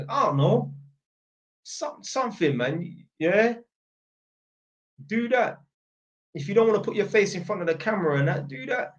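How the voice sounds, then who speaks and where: This is a man with a fairly high voice. He answers viewer questions in a casual livestream chat, blunt and full of slang and swearing. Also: lo-fi sound. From Northampton, England.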